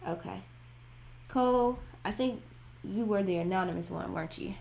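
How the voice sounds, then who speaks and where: A woman's voice: medium pitch, normal speed, creaky, darkish tone. A woman hosting a music reaction livestream, chatting casually, laughing often and thinking aloud as she reads viewer messages.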